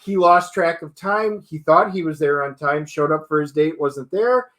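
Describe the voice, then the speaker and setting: A man with a noticeably high voice chats casually as co-host of a TV review show. He retells scenes in an animated way, jumping into quoted lines as he goes. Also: moderate pace. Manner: animated storytelling, acts out character quotes.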